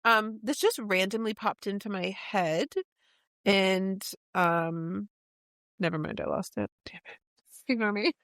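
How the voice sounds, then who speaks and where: A woman's voice: mid-range voice, slow, long pauses, fairly bright tone, dry recording, clean studio sound. A woman co-hosting a book podcast who thinks aloud in a scattered, giggly way. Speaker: podcast co-host. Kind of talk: casual book club chat.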